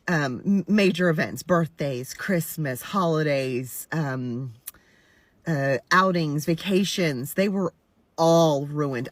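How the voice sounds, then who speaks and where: Earnest low-voiced woman in her forties. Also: no room sound. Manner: earnest, repetitive, emphatic. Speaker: content creator stitching a video. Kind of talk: candid personal commentary.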